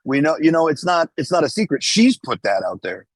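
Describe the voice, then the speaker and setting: A man on a voice call presses his accusations in a raised, higher-than-usual voice, blunt and foul-mouthed. The sound is very dry and close, with no room around it. He pushes hard and does not let up. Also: sing-song, brisk, dry recording. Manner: blunt, accusing, swears freely. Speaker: caller confronting the hosts. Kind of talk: heated group voice call. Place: online voice call.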